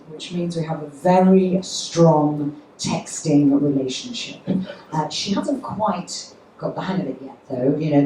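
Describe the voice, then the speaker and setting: Deadpan English woman doing stand-up. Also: lowish voice, slight background noise. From England. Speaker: stand-up comedian. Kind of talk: stand-up comedy set. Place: comedy club stage. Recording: echoey club audio from far off.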